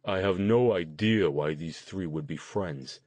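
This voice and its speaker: A man voicing a jokey, excited young man who puts on a deeper voice. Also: a little slow, no room sound. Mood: playful. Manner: deepened, playful voice.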